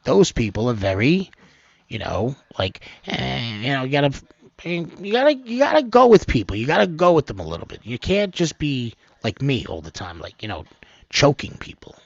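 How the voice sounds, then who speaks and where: A man hosting a homemade news channel, rambling through the stories with loud outbursts and low mutters. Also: big pitch swings, moderate pace, gravelly, no echo. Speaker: host of an amateur news channel. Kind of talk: rambling off-the-cuff news commentary. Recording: dull, lo-fi, dry sound.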